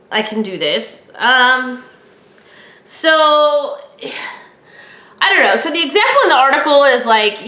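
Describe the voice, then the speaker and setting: A woman's voice: on the high side, bright, forceful tone, echoey room. A woman hosting a podcast, talking casually and with strong opinions, acting out bits of past conversations. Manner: chatty, opinionated, acts out quoted dialogue. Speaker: podcast host. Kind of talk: casual solo podcast talk.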